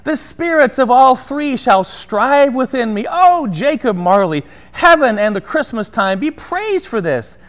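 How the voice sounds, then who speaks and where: A man's voice: extremely high pitch, sing-song, measured pace, hardly any pauses, fairly bright tone, exaggerated voice. A man reading aloud as an elderly miser overjoyed at a second chance, in a giddy, exclaiming voice. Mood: rapturous. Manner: giddy, exclaiming, breathless with delight. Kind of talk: dramatic reading from a classic novel.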